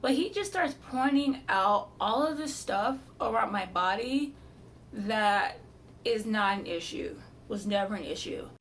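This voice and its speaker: A woman's voice: medium pitch, animated, a little slow, fairly bright tone, recorded from a distance, a little hiss or hum. A woman vlogger telling her own surgery story in an exasperated, blunt way, swearing as she goes. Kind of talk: storytime vlog.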